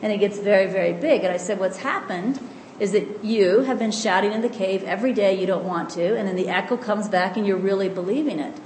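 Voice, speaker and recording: A woman giving a calm, gentle spiritual teaching, explaining and slowing down to stress key lines. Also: medium pitch. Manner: calm, gentle and explanatory, often slows for emphasis. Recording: echoey room with faint background noise.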